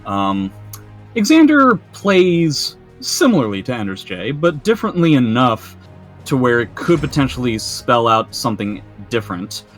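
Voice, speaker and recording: A man's voice: medium pitch, very animated, measured pace. A young man giving analytical play-by-play commentary on a fighting game match, with self-mocking banter. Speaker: esports commentator. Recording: faint music underneath.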